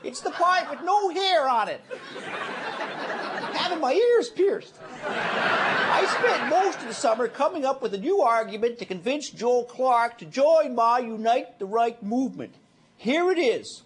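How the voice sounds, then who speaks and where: A man playing a nagging politician with a high nasal whine in a sketch before a studio audience. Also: expressive, unhurried, noisy background. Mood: whiny smug. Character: whiny nagging male politician impression. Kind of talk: sketch comedy. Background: studio audience laughing.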